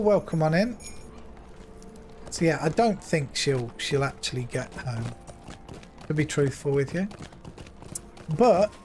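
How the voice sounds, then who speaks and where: A man's voice: on the high side, darkish tone, a little hiss or hum. Rambling man streaming from home. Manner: rambling, repeats himself, retells dialogue with "I says". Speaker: live streamer. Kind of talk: casual chat to stream viewers.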